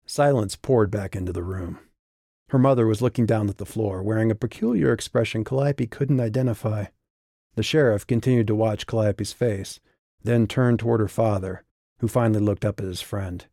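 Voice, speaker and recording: A man narrating an audiobook in an even, steady reading. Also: on the low side, moderate pace, no room sound, studio quality. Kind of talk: scripted narration.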